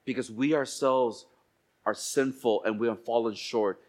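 A man's voice: mid-range voice, unhurried. Man preaching a dramatic sermon. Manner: dramatic swings between hushed and loud, quoting voices. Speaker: pastor. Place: church.

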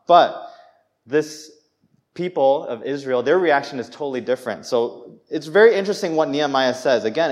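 Man preaching a lively conversational sermon. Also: mid-range voice. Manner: animated, conversational preaching with acted-out reactions. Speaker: pastor.

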